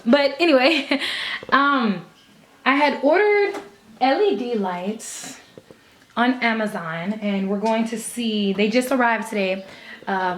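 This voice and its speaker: A woman's voice: a little high, slight background noise. A young woman vlogging casually from her bedroom, chatty, swearing freely and laughing between thoughts. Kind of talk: casual vlog.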